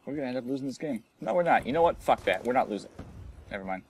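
A young man giving live commentary over his own online shooter match, swinging between quiet muttering and frustrated yelling. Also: mid-range voice, animated, very fast, a little hiss or hum. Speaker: gameplay commentator.

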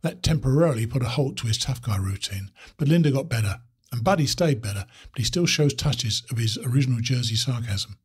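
Husky man reading a story aloud. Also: medium pitch, expressive. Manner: measured, descriptive storytelling.

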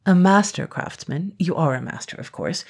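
A woman's voice: fairly low pitch, lively intonation, moderate pace, vocal fry. A woman voicing a huge male dragon in iron armor, spluttering and polite but menacing, in a storybook reading. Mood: wheedling. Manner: spluttering, bossy.

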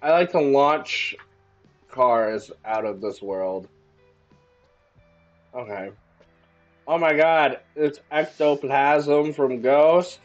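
A man giving excitable, joking commentary while playing a video game, often breaking into exclamations. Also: medium pitch, drawn-out words, pauses often, lo-fi sound, faint music behind. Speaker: gaming YouTuber. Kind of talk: let's-play commentary.

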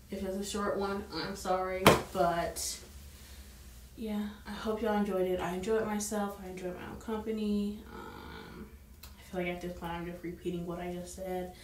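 A woman's voice: on the low side, echoey room, far from the mic, heavy background noise. A young woman talking casually to her camera at home, rambling with lots of fillers about her evening out. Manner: rambling, filler-heavy, chatty. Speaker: vlogger. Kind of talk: casual vlog chat to camera.

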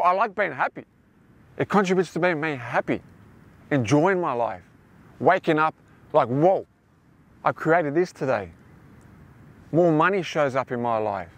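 A young man hosting a motivational self-help talk, rambling and repeating himself as he addresses listeners as his friends. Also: medium pitch. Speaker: host.

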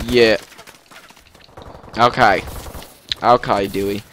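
A man giving casual gameplay commentary, excitable, with sudden shouts and yelps. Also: mid-range voice, very slow, creaky, pauses often, slight background noise. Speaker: gaming commentator.

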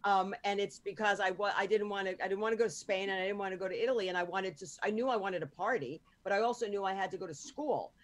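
A woman's voice: medium pitch, fast, few pauses. Frank, salty American woman host. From United States. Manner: frank and salty, with swearing and restarts. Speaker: podcast host. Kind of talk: casual podcast chat.

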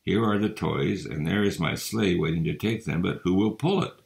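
A man voicing a kind, patient young Santa Claus in a storybook reading, speaking gently and coaxingly. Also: deep voice, moderate pace, gravelly.

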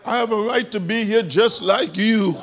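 A bishop preaching a fervent sermon in church. He shouts key phrases, repeats lines for emphasis and punctuates them with "hallelujah". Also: sits high, moderate pace.

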